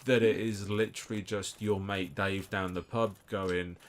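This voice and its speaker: A young British man with a low, fairly even, unhurried voice co-hosts a let's play of a game, trading sweary, jokey banter and drifting into long rants. There's faint background noise in the recording.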